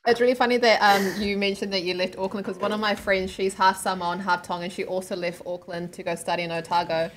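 A bubbly woman co-hosts a podcast, laughing easily as she chats casually. Her voice sits at medium pitch with fairly even intonation and a fairly bright tone, and there's a little hiss or hum in the recording.

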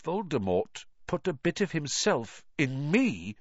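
A man's voice: fairly high pitch, big pitch swings, slow pace, dry recording, voice pushed up, exaggerated voice. A man voicing an earnest, anxious young boy wizard who talks in an urgent, pleading way, on a dull lo-fi recording. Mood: desperate.

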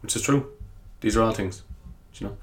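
A man's voice: on the low side, normal speed, fairly bright tone. A man from hosting a rambling solo podcast, self-mocking and chatty, swearing casually and calling his listeners lads. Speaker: podcast host.

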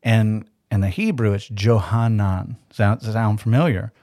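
A man's voice: lowish voice, animated, normal speed, a little mellow, dry recording. Man teaching scripture in a dry, close recording. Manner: conversational and explanatory, asks rhetorical questions. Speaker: Bible teacher. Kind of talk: podcast Bible teaching.

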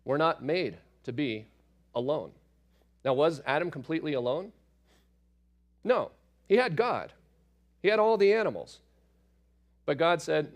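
A man, a father, teaching through a Bible passage in a relaxed, conversational way, with asides and fillers as he explains. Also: fairly high pitch, a little slow, long pauses. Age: adult parent.

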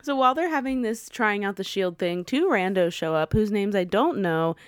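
A young woman co-hosting a podcast in casual chat, chatty and quick to laugh, with playful quoted asides. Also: mid-range voice, expressive, smooth, no room sound, clean studio sound. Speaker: podcast co-host.

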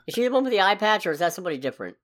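A woman co-hosting a casual podcast, her voice sitting at an ordinary middle pitch. She talks with a sarcastic bite, ranting about things that annoy her. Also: sing-song, very fast. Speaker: podcast co-host. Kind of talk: casual chat.

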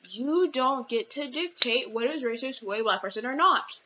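A woman's voice: high voice, lively intonation, moderate pace, few pauses, bright, forceful tone. A young woman hosting a casual podcast, rambling with many restarts and fillers, recorded at home. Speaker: podcast host. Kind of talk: casual commentary. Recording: dull lo-fi audio with faint noise.

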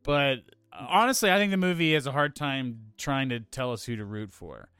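Blunt man with a lively, smooth voice. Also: mid-range voice, normal speed, dry recording. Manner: blunt, opinionated, swears freely. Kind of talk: casual film review chat.

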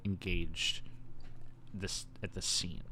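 Male podcast co-host, lower voice, lively movie-recap chatter. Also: takes it slowly, slight background noise. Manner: animated storytelling, acts out quoted lines with silly voices; laughs often. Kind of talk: casual chat.

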